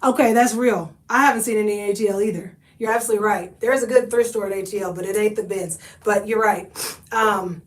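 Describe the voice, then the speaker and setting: A woman, hosting a casual thrift haul livestream, animated and chatty, calling viewers honey. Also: mid-range voice, quick pace, recorded from a distance.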